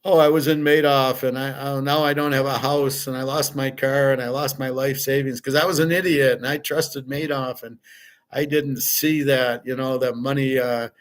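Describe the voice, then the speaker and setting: A man's voice: medium pitch, natural voice. A man mimicking a self-pitying male fraud victim in a whining run-on complaint.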